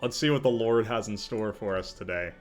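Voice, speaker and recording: A man streaming live, chatting casually and reacting out loud, often breaking into laughter. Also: lowish voice, a little fast, soft background music.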